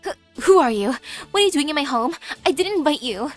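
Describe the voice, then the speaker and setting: A haughty would-be ruler of the planet from a game, as a woman reads her part, high-pitched and grandly pompous. The delivery stays close to the reader's own voice, with faint music under it. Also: expressive, fairly quick. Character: haughty self-styled alien ruler, young woman. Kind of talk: reading game dialogue aloud.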